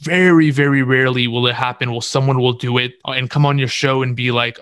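A man's voice: medium pitch, steady tone, fast talker, few pauses, a bit bright, clear, resonant tone, no echo, studio quality. A man speaking as a podcast guest, giving confident, instructive advice in casual interview talk and repeating words for stress.

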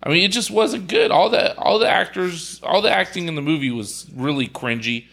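Guy with a raspy bright voice, blunt movie opinions, casual. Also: high voice, normal speed. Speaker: podcast co-host reviewing a film. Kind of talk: casual chat.

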